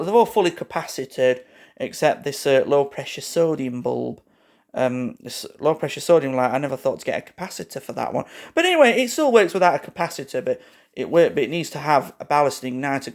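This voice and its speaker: A man rambling through a casual show-and-tell vlog, halting and correcting himself often, with frequent fillers and asides to his viewers. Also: a little high. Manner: keeps addressing viewers as "guys". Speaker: lighting hobbyist vlogger.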